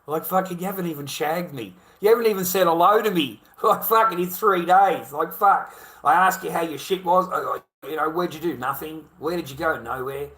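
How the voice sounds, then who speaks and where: Forceful, blunt-spoken Australian man. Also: high-pitched, a little fast, few pauses. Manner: blunt, heavily profane ranting; repetitive, rhetorical questions. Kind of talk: casual monologue to camera.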